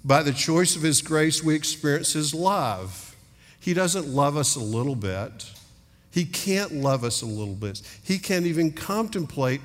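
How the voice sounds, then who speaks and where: A man's voice: fairly high pitch, animated, a little slow. Man preaching in an echoing hall. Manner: earnest preaching with acted-out dialogue. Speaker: pastor. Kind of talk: sermon. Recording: long hall reverb.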